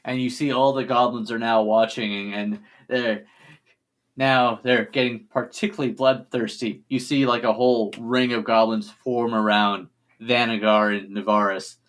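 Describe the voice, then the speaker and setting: A man narrating a tabletop game as game master in a playful, animated storytelling manner. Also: mid-range voice, normal speed.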